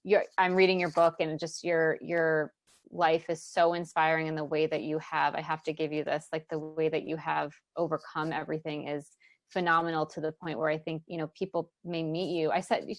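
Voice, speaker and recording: A woman business coach talks as a podcast guest, excited and heartfelt. Her voice sits a little low and sounds dry and close to the mic, with no room echo. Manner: excited and heartfelt, quick to get emotional. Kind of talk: casual interview chat.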